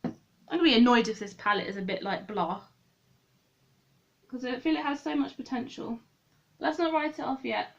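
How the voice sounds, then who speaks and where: A woman's voice: on the high side, normal speed, vocal fry, pauses often, muffled recording. A woman chatting through a makeup tutorial, thinking aloud and correcting herself as she goes. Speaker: beauty vlogger.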